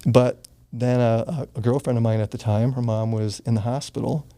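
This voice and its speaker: A man's voice: mid-range voice, steady tone, moderate pace, dark tone. A man in his sixties, a guest in an interview, telling a personal story in an earnest, casual way that sometimes turns emotional. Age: 60s. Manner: earnest, gets choked up, swears casually.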